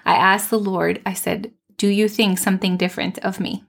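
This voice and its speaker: A woman hosting a faith podcast, telling a personal testimony in an earnest, heartfelt way with soft, tender pauses. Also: mid-range voice, flat delivery, creaky. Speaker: podcast host.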